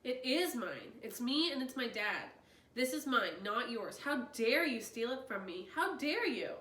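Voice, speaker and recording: A woman reading aloud, voicing an upset boy who pleads and accuses in quick outbursts. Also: high-pitched, very animated, fairly bright tone, pitched above the performer's own voice. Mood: accusing. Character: upset boy, anxious and demanding. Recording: roomy distant mic, faint noise.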